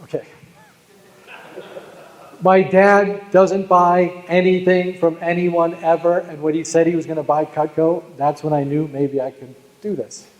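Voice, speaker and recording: A man's voice: fairly high pitch, little pitch movement, measured pace, highs cut off. A man with a Boston accent giving a live keynote on sales, telling jokes and stories and calling out to the audience. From Boston, USA. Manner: joking, storytelling, talks to the audience. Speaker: keynote speaker. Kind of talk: live motivational sales talk. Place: large hall at a live event. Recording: echoey hall with long reverb.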